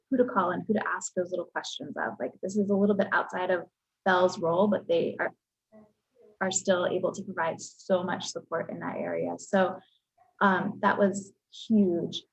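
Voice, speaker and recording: Low, husky woman with gravelly fry. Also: rough recording. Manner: earnest, thoughtful with frequent ums. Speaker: program leader. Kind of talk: casual webinar panel talk.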